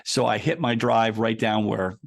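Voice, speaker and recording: Gravelly-voiced man telling a story. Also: fairly low pitch, normal speed. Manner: explains ideas through a long personal anecdote, with frequent restarts. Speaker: author and coach as a guest. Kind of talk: conversational podcast interview.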